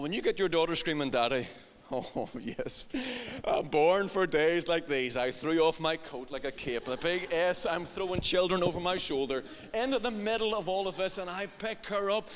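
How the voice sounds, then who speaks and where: Male pastor, middle-aged, high bright voice, playful storytelling, long hall reverb. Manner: humorous storyteller, acts out voices, laughs at own jokes. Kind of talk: sermon with personal anecdote.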